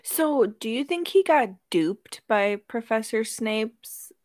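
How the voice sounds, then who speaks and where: A woman's voice: a little high, expressive, slow, no room sound, studio quality. A woman co-hosting a podcast, chatting about a movie from her notes. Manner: chatty, reads from notes, laughs along. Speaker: podcast co-host. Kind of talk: casual chat, movie review.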